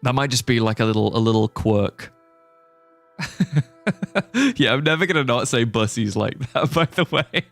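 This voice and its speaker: A man's voice: medium pitch, normal speed, vocal fry, pauses often, fairly bright tone, faint music behind. A British man chatting casually while streaming a game, joking and reacting to chat. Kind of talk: casual live gameplay chat.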